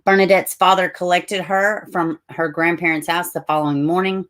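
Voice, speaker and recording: Deep-voiced middle-aged Southern woman from Tennessee, hosts a casual stream, chatty, corrects herself often. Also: fairly even intonation, moderate pace, fairly bright tone. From Tennessee, USA. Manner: chatty, frequent asides and self-corrections. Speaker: livestream host. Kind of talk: casual livestream talk, reading news aloud.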